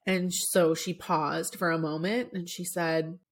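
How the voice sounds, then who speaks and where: A woman with a somewhat low voice hosts her podcast, telling a personal story in a loose, chatty way. She leans on filler words and sometimes sounds choked up with emotion. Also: little pitch movement, unhurried, few pauses. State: choked up at times. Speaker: podcast host. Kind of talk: casual storytelling monologue.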